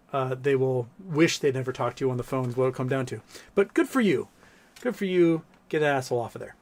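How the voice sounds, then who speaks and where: A man hosting a casual livestream, reading chat messages aloud and telling long, rambling stories with plenty of swearing. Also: medium pitch. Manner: rambling, profane, storytelling, reads chat aloud. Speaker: livestream host.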